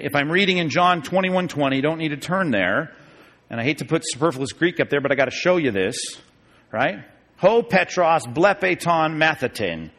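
A man teaches a church class in a relaxed, talkative manner, checking in with "right?" as he goes. His voice sits a bit higher than most men's. The long reverb of a large hall trails every phrase. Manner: conversational, keeps checking in with "okay?" and "right?". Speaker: pastor teaching a Bible study class.

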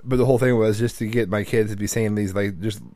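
A tired man co-hosting a podcast, his voice sitting a little low. He rambles, swears freely and restarts his sentences often, on a dry, close recording. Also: fairly even intonation, fast, mellow, dry recording. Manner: rambling, profane, with frequent restarts and fillers. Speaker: podcast co-host. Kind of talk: casual chat.

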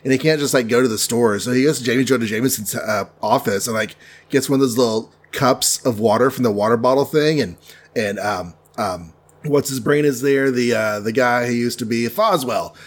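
A man's voice: mid-range voice, fairly quick. A man retelling a comic book plot in a rambling, jokey way, full of ums and asides. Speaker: comics storyteller. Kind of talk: casual retelling.

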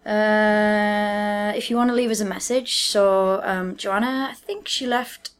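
A woman's voice: medium pitch, steady tone, takes it slowly, clean tone. A woman co-hosting a podcast, chatting casually and laughing often, with frequent restarts. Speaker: podcast co-host. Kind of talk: casual chat.

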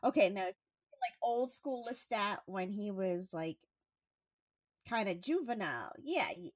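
A woman's voice: medium pitch, expressive, takes it slowly, long pauses. A woman co-hosting a podcast in casual chat, earnestly arguing her side as a devoted fan. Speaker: podcast co-host.

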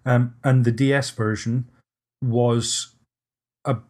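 Flat-voiced male podcast host. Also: mid-range voice, slow pace. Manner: hesitant, restarts often, even-toned. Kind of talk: casual podcast discussion.

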